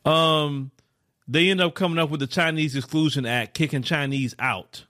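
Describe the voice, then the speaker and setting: A man talking in a blunt, incredulous way as he comments on a clip he keeps pausing. His voice sits a little high for a man. The sound is dry and close, with almost no room around it. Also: bright, forceful tone, dry recording. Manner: blunt, incredulous, repeats questions. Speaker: commentary host reacting to a clip. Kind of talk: casual reaction commentary.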